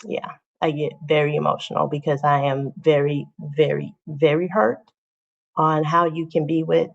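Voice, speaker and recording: Woman, low gravelly voice, casual livestream chat, talks straight to viewers, dull lo-fi sound. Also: fairly even intonation, normal speed. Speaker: channel host. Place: home. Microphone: phone or webcam on a livestream.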